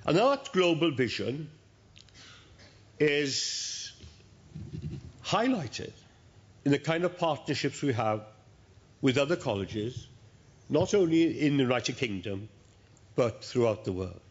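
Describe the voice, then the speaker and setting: A man, addressing graduates at a university ceremony in a measured, storytelling manner with pauses. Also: mid-range voice, very animated. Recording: dull lo-fi recording.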